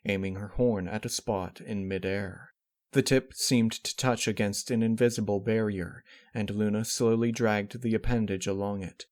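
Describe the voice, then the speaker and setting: A man narrating a dark fan fiction story in a steady, somber reading voice. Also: on the low side.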